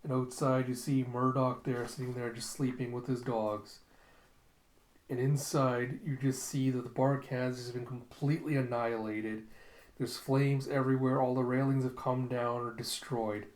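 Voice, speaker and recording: A man recapping a comic in a casual, animated retelling full of "and she's like". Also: mid-range voice, moderate pace, echoey room. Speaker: comic reviewer.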